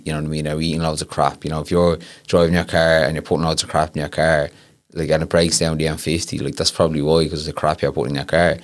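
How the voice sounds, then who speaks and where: An Irish man with a very deep voice talks as a guest in an easy, casual conversation. He speaks earnestly and keeps checking in with his listener as he explains himself. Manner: earnest, repeats "you know what I mean". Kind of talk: casual chat.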